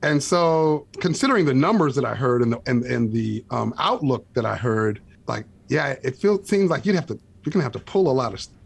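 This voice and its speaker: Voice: medium pitch, animated, brisk, gravelly, few pauses, husky. A podcast co-host in casual chat, talking with many restarts and laughing easily. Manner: hesitant, restarts, giggly.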